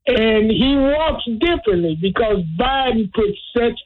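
A woman's voice: fairly high pitch, expressive, unhurried. A woman calling in to a talk show, speaking bluntly and jokingly. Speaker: caller. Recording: phone line.

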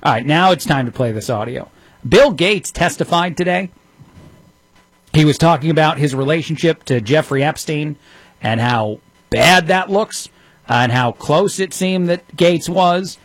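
A man's voice: a little high, dry recording. A man in his thirties hosting a radio talk show, giving opinionated commentary with a sarcastic edge and many fillers. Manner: sarcastic, rapid-fire delivery with frequent fillers.

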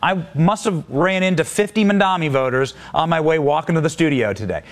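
A man's voice: on the high side, brisk. A man co-hosting a talk show with casual, mocking political banter. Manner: mocking, sarcastic. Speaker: co-host.

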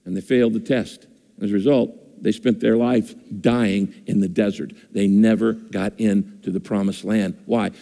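A man's voice: mid-range voice, darkish tone. A pastor preaching a sermon in a conversational way, often repeating his phrases, speaking on a stage microphone in a church with a screen. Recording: long hall reverb.

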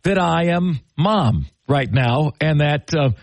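A man hosting a call-in sports radio show, energetic and enthusiastic, quick to laugh with callers. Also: a little high, creaky, no room sound.

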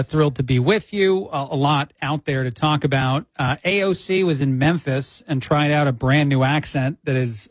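A man's voice: on the high side, no room sound. A man filling in as a radio host, giving opinionated commentary with frequent "uh" fillers into a studio mic.

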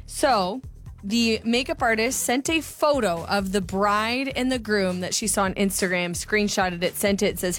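A woman co-hosting a radio show, reading out survey numbers and retelling a text exchange briskly. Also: mid-range voice, soft background music. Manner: brisk storyteller, quotes texts aloud. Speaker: radio co-host.

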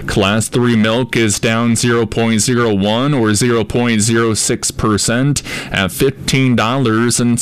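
Smooth-voiced man reading market prices. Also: mid-range voice. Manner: rapid steady number reading. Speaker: farm markets reporter. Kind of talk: radio market report.

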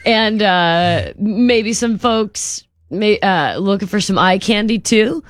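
A woman's voice: mid-range voice, takes it slowly, no echo, studio quality. A young woman co-hosting a radio show, chatting casually and enthusiastically. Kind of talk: casual morning-show chat.

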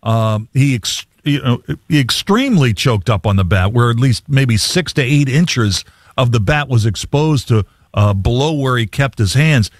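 Chatty sports radio host, dry sound. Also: male voice, medium pitch, no echo. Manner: chatty, reads trivia quickly with easy asides.

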